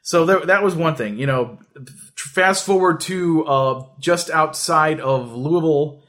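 A man's voice: on the high side, measured pace, fairly bright tone. A man hosting a casual podcast, telling a story in a rambling, joking way with lots of fillers and restarts. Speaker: podcast host.

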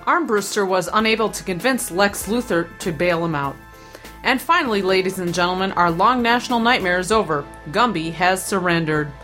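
A woman co-hosting a podcast, reading out a comic news segment with a wry, deadpan delivery and punchlines. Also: mid-range voice. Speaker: podcast co-host.

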